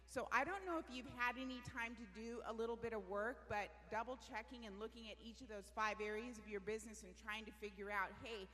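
Bright, energetic woman presenter in a hall. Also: fairly high pitch. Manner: energetic, asks the audience questions. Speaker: workshop presenter. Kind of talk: live business workshop talk. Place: large meeting room with audience.

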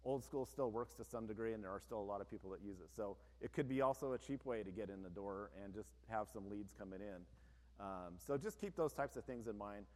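A man's voice: fairly low pitch, fairly quick. A man who owns a business, giving an informal, plain-spoken presentation to an audience, with frequent conversational asides. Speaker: business owner giving a talk. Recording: long reverb of a large hall.

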